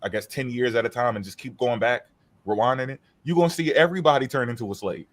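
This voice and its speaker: A man co-hosting a podcast, talking in a loose, animated and profane way and acting out the voices of people he quotes. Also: mid-range voice, fast talker. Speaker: podcast co-host. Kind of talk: casual chat.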